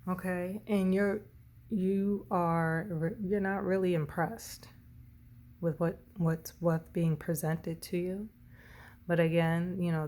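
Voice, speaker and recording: Slow, mellow-voiced woman reading tarot. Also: lowish voice. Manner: rambling, self-correcting, tongue-tied. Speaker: tarot reader.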